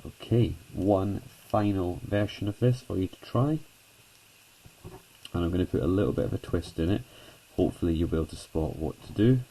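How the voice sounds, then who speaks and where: A man's voice: low voice, normal speed, mellow, low-quality recording. A man teaching a chemistry lesson at a whiteboard, chatty and self-deprecating, talking students through each step.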